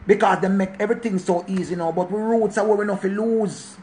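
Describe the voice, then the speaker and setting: A Jamaican man in his forties holds forth in a casual monologue rant, his voice sitting high for a man. He is preachy and emphatic and hammers each point by saying it again. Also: steady tone, brisk, a little mellow, a little hiss or hum. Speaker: channel host.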